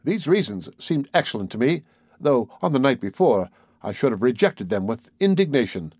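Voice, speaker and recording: A man narrating a classic adventure story in the first person, measured and expressive. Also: medium pitch, husky, no echo, clean studio sound. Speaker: audiobook narrator.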